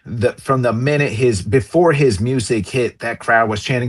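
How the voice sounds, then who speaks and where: A man's voice: medium pitch, normal speed, a bit bright. A man guesting on a sports talk show, giving rambling, filler-heavy fight analysis with stories.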